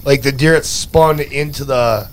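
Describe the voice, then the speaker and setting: A man's voice: medium pitch, a little slow, a little hiss or hum. A man telling a rambling, profane story in casual chat, stacking fillers as he goes. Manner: rambling and profane, full of "like" and "you know".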